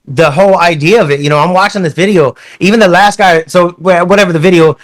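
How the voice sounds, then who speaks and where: A man's voice: high voice, fast talker. A man hosting a casual podcast chat, rambling and swearing with many restarts. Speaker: podcast host.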